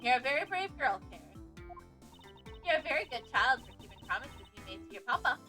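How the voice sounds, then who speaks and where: A stiff, proud male prosecutor, read by a woman streamer speaks in a formal, measured way with a touch of drama. Her voice sits a little high and very bright. Faint game music plays behind. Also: sing-song, exaggerated voice. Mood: gentle. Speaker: streamer voicing game dialogue.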